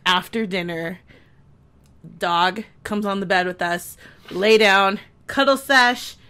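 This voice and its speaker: A woman co-hosting a podcast, chatting casually in an animated, giggly, emphatic way. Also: mid-range voice, takes it slowly, smooth. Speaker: podcast co-host. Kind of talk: casual chat.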